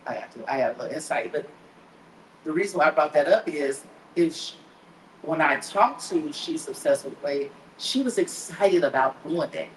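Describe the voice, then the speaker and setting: A woman with a fairly low voice delivers a motivational talk, animated and preachy, slipping into other people's voices to make her points. Her voice carries in an echoey room, with faint ambient noise behind her. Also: moderate pace. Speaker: podcast host. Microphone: live stream setup.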